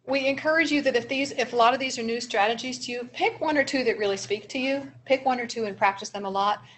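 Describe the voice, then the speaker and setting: A woman with a fairly high voice presents a seminar on guiding young children's behavior. She explains each strategy patiently, giving examples for practice. A faint room hum sits underneath. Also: fast, a bit bright. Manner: explanatory, encouraging, talks through examples. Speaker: early childhood trainer.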